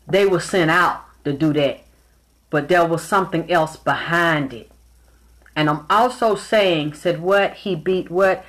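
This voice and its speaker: A woman giving a spiritual reading in a casual monologue, telling stories bluntly with plenty of profanity. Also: on the low side. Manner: blunt, profane, animated storytelling. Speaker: spiritual reader.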